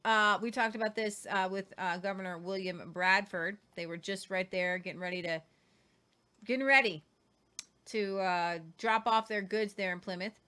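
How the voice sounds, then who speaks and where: Bright-voiced chatty woman host. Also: mid-range voice, steady tone, moderate pace, clear, resonant tone. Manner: chatty, stumbling over names, jokey asides. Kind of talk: casual history talk, reading quotes aloud.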